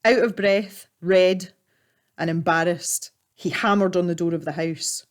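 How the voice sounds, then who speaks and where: Woman narrator, lower voice, calm measured storybook read. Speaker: artist and storyteller. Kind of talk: storybook narration while painting.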